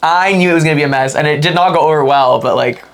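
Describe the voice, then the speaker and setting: A man's voice: on the high side, fast talker, vocal fry. A young man from Canada co-hosting a podcast, chatting casually and rambling with lots of fillers. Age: young adult. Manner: rambling, filler-heavy storytelling. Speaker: podcast co-host. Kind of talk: casual chat.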